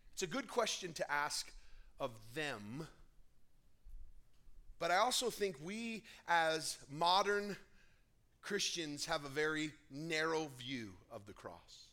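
A male pastor reading scripture aloud and preaching, with dramatic, emphatic rises in voice. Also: fairly high pitch. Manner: reads scripture dramatically, voicing the crowd's shouts loudly.

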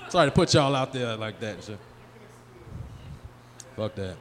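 A man's voice: on the low side, expressive, normal speed. A man in his forties doing live stand-up comedy in a small venue, bantering loosely and profanely with the crowd. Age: 40s. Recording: live room with long reverb, faint noise.

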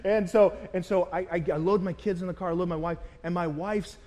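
In a church, a man preaches a sermon as pastor, animatedly sharing a personal story and acting out the voices of the people in it. His voice is high-pitched and brisk, with a big-room sound.

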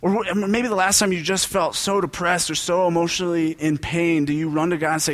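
A man's voice: a little high, fairly even intonation, fairly quick, hardly any pauses. A young adult man, a pastor, giving a casual sermon built on personal stories, joking and conversational with lots of asides.

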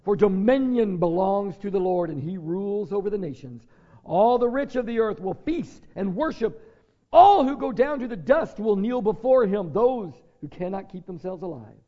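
Man, pastor, sermon, high-pitched, earnest, reads scripture aloud, muffled lo-fi audio. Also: lively intonation, normal speed. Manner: earnest preaching mixed with scripture reading.

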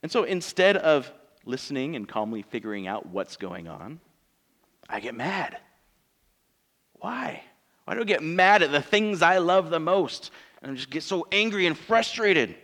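Male pastor in his thirties, lively sermon voice pitched a bit high, chatty and joking with the congregation. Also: a little slow. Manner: conversational, joking, asks the congregation rhetorical questions. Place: church.

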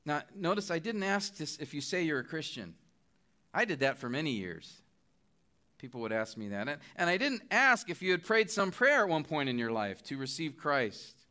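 A man's voice: a little high, sing-song, moderate pace, bright, forceful tone. A middle-aged man preaching a sermon, earnest and pleading as he makes his appeals. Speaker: guest preacher.

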